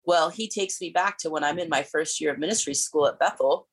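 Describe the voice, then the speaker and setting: A woman's voice: deep voice, a little fast, husky, low-quality recording. A woman in her forties, a pastor and speaker, giving candid personal testimony as an interview guest, earnest and tumbling over her words with restarts.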